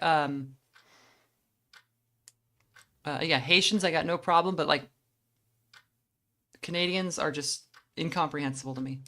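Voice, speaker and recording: A woman's voice: low voice, sharp tone. A woman hosting a let's play, chatting casually and rambling about a game.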